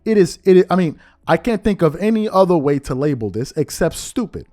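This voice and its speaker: A man's voice: on the high side, lively intonation, brisk, warm tone. A man hosting a commentary show, giving emphatic, opinionated sports commentary in a slangy, conversational way and firing off repeated rhetorical questions.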